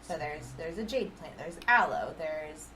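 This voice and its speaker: A woman co-hosting a casual chat podcast from her apartment, telling stories in an animated way, acting out quotes and laughing often. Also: low voice, measured pace, crowd noise, poor audio. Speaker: podcast co-host.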